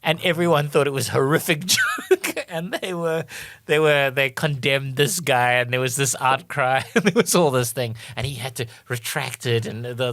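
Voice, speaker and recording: A man's voice: mid-range voice, no echo. Rambling, laughing man on a podcast. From South Africa. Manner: rambling, animated, laughs often. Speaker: podcast co-host. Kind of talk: casual comedic trivia chat.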